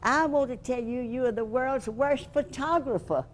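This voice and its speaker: A woman's voice: sits high, moderate pace, slight background noise, voice pushed up, close to an everyday voice. A woman doing a blunt Scottish police chief. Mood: teasing. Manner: blunt, teasing, then meekly backing down. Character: teasing Scottish police chief, grown man.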